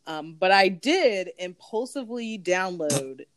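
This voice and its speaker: A woman's voice: fairly low pitch, animated, takes it slowly, over a noisy crowd. A woman co-hosting a casual podcast chat, slangy and talkative, laughing often. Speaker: podcast co-host.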